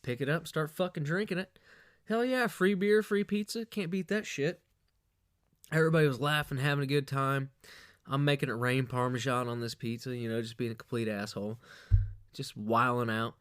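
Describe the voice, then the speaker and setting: A man's voice: mid-range voice, fairly even intonation, normal speed, clear, resonant tone, dry recording, clean studio sound. A man hosting a podcast, telling a crude, rambling comic story with lots of swearing and bragging. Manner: profane, boastful, loose storytelling. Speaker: podcast host.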